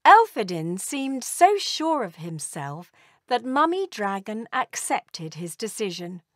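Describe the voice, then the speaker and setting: Slow, lilting woman reading a storybook. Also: medium pitch, no echo, clean studio sound. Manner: slow, expressive read-aloud. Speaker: storybook narrator.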